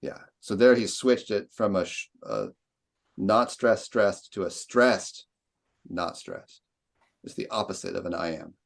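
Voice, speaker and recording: A man's voice: deep voice, animated, unhurried, gravelly. A man leading an online poetry seminar, explaining stress and meter and asking students questions. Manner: explanatory, questioning, tapping out rhythms.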